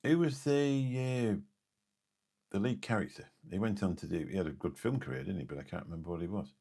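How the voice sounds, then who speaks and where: Gravelly deep-voiced English man rambling. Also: a little fast, dark tone. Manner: rambling, forgetful, chatty, answers viewer comments. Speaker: live streamer and taxi driver. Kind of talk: late-night live stream chat with viewers.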